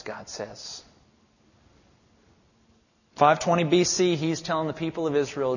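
Emphatic preacher in an echoey church. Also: male voice, fairly high pitch, lively intonation, unhurried, pauses often, fairly bright tone, breathy edge. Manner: emphatic, repetitive preaching cadence. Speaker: pastor. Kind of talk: sermon. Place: church sanctuary. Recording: echoey hall, dull lo-fi sound.

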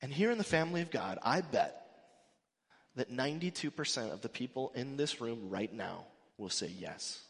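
This male pastor has a medium-pitched voice that is creaky with a breathy edge, speaking at normal speed with lively intonation. He preaches in a conversational, emphatic way, acting out his quotes, and the church sanctuary lends heavy echo and long reverb.

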